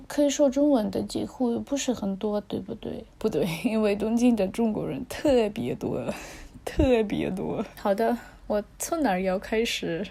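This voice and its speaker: Young Russian-accented woman vlogger, a touch of vocal fry, joking at her own expense. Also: mid-range voice, dark tone. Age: 20s. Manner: playful, self-mocking, laughs at herself. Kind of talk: casual vlog monologue.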